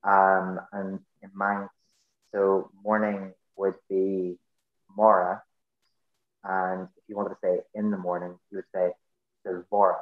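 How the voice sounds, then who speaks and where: Northern Irish man, low voice, roomy sound. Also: completely flat delivery, takes it slowly, phone-quality sound. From Northern Ireland. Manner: explains patiently with many fillers and restarts. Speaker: podcast guest. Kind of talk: casual conversation.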